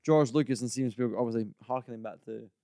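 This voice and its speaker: A man eagerly telling film trivia as a podcast host, in an even middle-pitched voice with a dark, mellow tone. The sound is dry and close. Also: fast, vocal fry, clean tone, no room sound. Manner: enthusiastic, trivia-led storytelling. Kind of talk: casual film chat.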